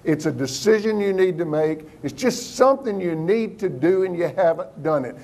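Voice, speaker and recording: Male business speaker with a high voice, motivational and punchy with the crowd. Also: moderate pace. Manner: lively, engaging, questions the audience. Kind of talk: motivational talk to a live audience.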